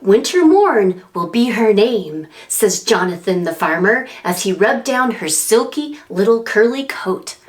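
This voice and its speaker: A children's librarian reads a picture book aloud to preschoolers in a lively, animated sing-song, adding animal and wind sounds. Her voice sits mid-range, her pace is measured, and she barely pauses.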